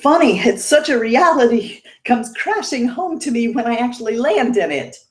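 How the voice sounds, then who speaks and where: A woman's voice: on the high side, animated, moderate pace, reverberant. Chatty mature woman hosting a livestream. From Indiana, United States. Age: 50s. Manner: chatty and emotional, laughs often. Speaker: beauty livestream host. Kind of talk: casual livestream chat, reading viewer comments.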